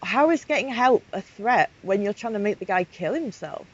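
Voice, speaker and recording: A woman's voice: medium pitch, lively intonation, normal speed. Woman, vlogger, outraged emphatic commentary, slightly dull recording. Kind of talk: casual commentary reading chat logs. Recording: slightly muffled home recording with faint hiss.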